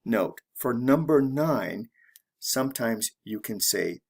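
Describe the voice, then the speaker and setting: Slow gravelly American man teaching. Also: medium pitch, lively intonation, a little mellow. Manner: slow, deliberate drilling of example phrases. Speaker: English pronunciation teacher. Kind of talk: slow scripted lesson narration.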